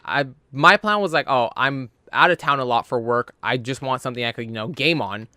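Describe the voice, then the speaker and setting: A man in casual chat who talks bluntly, swears freely and gets louder when worked up. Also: medium pitch, brisk, no room sound, studio quality. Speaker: podcast co-host.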